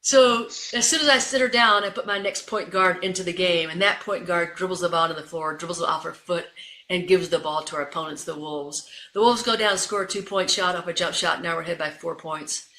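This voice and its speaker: Bright-voiced woman telling a lively story. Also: on the low side, brisk. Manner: lively, addresses listeners as folks. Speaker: guest, keynote speaker and coach. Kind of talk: animated storytelling. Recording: roomy echo.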